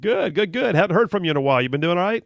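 Male talk radio host, gravelly, slightly high voice, dry close studio mic. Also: animated, dry recording. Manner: upbeat, quick banter with callers, frequent laughs.

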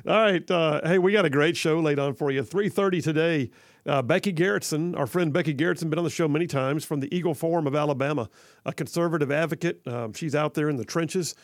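A man's voice: on the high side, fast talker, no echo. A man hosting conservative talk radio from a studio, upbeat and jokey, rambling with fillers. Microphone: studio mic.

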